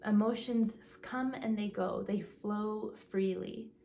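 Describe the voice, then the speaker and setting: A woman talking casually to her viewers in a vlog. She often restarts her sentences and fills gaps with um and like, and she gets a little out of breath when she is excited. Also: medium pitch, slow, slight background noise. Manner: chatty, restarts sentences, says um and like. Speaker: video creator.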